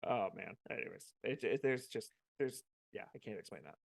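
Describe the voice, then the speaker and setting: A man's voice: fairly low pitch, animated, normal speed, creaky, no echo, clean studio sound. A man in his thirties co-hosting a podcast, chatting casually, joking around and swearing offhand. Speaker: podcast co-host. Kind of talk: casual chat.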